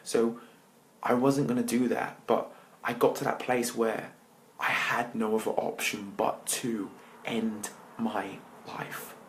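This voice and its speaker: A man, a motivational speaker, telling his personal story to an audience with dramatic pauses, often dropping his voice to near-whispers. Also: medium pitch, little pitch movement, slight background noise, rough recording.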